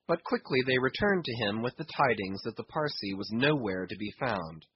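A man narrating an audiobook in a dramatic reading style, husky-voiced. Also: fairly low pitch, expressive, moderate pace, few pauses, lo-fi sound. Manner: dramatic reading of an old novel.

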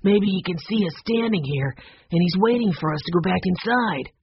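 A woman voicing a sensible teenage boy who reasons things through calmly in a storybook reading. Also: fairly low pitch, moderate pace, dull audio, slight background noise. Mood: thoughtful.

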